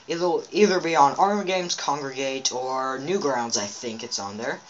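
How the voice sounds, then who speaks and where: A man's voice: mid-range voice, normal speed, highs cut off, a little hiss or hum. A man giving rambling, chatty commentary on his own gameplay, talking straight to his viewers from a home setup. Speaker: let's play gamer.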